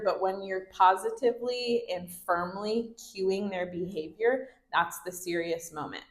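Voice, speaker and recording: A woman giving a training talk to children's ministry volunteers, upbeat and acting out classroom phrases in a bright teacher voice. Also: mid-range voice, moderate pace, few pauses. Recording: roomy echo.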